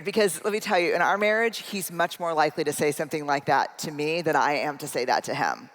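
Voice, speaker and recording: A woman's voice: lowish voice, fast, few pauses. A middle-aged woman giving a humorous, self-deprecating keynote talk, telling a personal story and speaking directly to the audience in a large conference hall. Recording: long hall reverb.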